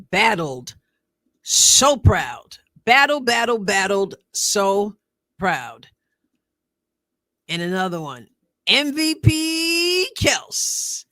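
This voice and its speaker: A woman's voice: deep voice, fairly bright tone, no room sound. A woman hosting a commentary video, talking earnestly and repeating phrases for emphasis. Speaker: show host.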